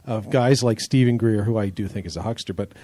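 A man co-hosting a casual panel discussion, talking in a thoughtful, measured and skeptical way. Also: fairly low pitch, mellow, no room sound. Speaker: podcast co-host.

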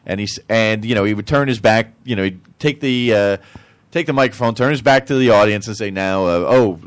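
A man, a guest in a casual chat, telling a loose, halting story. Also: on the low side.

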